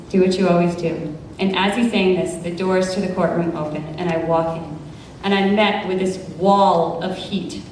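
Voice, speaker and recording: An American woman in her thirties, an attorney, telling a true story on stage with lively quoted dialogue. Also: mid-range voice, slight background noise. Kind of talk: live storytelling performance. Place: large event space, live audience. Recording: echoey room from far off.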